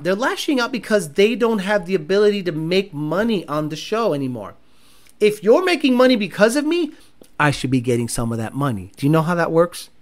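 A young man hosting a casual livestream, reading chat and ranting bluntly with lots of profanity and boasting. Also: high-pitched.

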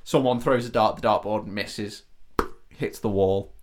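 A man's voice: fairly low pitch, a little slow. Laughing Yorkshire man recapping a film. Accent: Yorkshire English. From Yorkshire, England. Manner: swears freely, laughs often, retells scenes. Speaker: podcast co-host. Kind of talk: casual comedic film recap.

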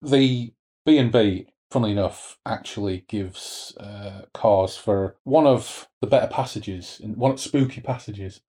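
A man co-hosting a podcast, chatting casually about a horror novel and reading from it, relaxed and a little hesitant. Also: lowish voice, measured pace. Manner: relaxed, with hesitant fillers and restarts. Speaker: podcast co-host discussing a book.

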